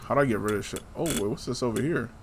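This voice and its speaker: A man's voice: medium pitch, racing, noisy background. A man giving loose, casual commentary while playing a game, talking to himself and teasing the hero, with frequent swearing. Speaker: gameplay streamer.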